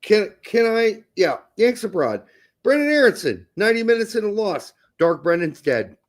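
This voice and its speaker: A man co-hosting a casual soccer podcast, animated, jokey and swearing freely. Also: high voice, moderate pace. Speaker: podcast co-host. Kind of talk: casual sports chat.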